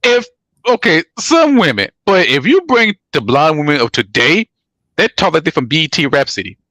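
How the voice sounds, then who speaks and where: A man co-hosting a podcast, talking in a rambling, profane, animated way with many restarts. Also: fairly high pitch, moderate pace, no room sound. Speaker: podcast co-host. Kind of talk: casual chat about pro wrestling.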